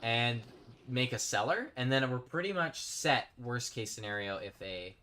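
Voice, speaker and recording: A man's voice: mid-range voice, expressive, moderate pace, pushed and bright. A man chatting casually while live-streaming a game, rambling and reading out his chat. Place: home streaming setup.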